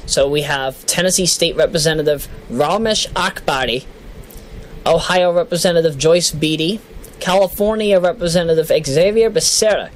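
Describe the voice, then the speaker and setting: A man's voice: a little high, moderate pace, slight background noise, low-quality recording. A man giving casual political commentary who jokes, stumbles over names and laughs at himself. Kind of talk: casual commentary reading a list.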